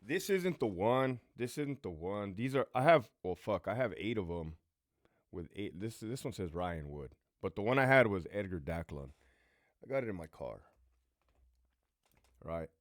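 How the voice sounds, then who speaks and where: A man's voice: lowish voice, animated, normal speed, dry recording, studio quality. A man in his late thirties from Southern California, telling rambling, profane stories from his own life in a casual way. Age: late 30s. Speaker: channel host and ex-prison guard.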